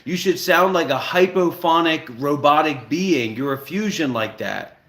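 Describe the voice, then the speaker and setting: A man hosts a livestream and issues blunt, commanding instructions. His voice sits slightly high for a man. The room around him adds a noticeable echo. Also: animated, measured pace, fairly bright tone. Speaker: livestream host. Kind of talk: casual livestream talk. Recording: roomy echo.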